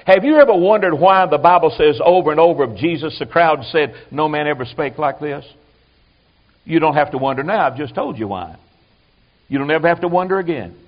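A man preaching a sermon, animated, acting out quoted voices and dropping to quiet asides. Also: a little high. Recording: dull lo-fi sermon recording.

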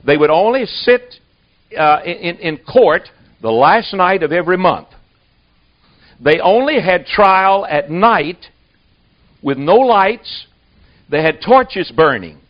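A man's voice: high voice, expressive, slow, pauses often. A man preaching a sermon to a congregation, with a folksy storytelling manner. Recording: dull lo-fi recording.

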